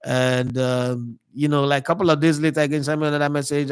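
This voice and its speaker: A man's voice: mid-range voice, steady tone, quick pace, few pauses, clear, resonant tone, dry recording. Nigerian man telling rambling stories, dry sound. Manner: digressive storyteller slipping into pidgin. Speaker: sports channel host. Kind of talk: casual monologue.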